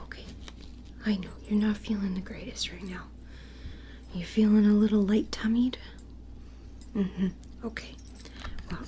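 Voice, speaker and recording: A woman's voice: fairly high pitch, a little hiss or hum, close to an everyday voice. A woman whispering as a clumsy, fretful elf. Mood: soothing apologetic. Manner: soft, apologetic, fussing over a teddy. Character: clumsy, well-meaning young female elf. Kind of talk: whispered role-play.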